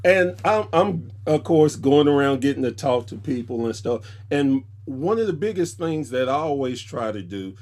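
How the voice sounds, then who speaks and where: A man's voice: mid-range voice, expressive, moderate pace, few pauses, a little mellow. A man, a podcast guest, telling stories casually and animatedly, jumping into other people's voices when he quotes them. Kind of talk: casual storytelling.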